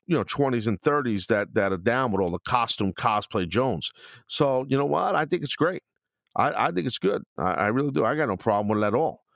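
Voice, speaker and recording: A man's voice: medium pitch, no room sound, studio quality. A middle-aged man hosting a podcast, talking bluntly and rambling through listener questions with lots of fillers and restarts. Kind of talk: casual opinion talk.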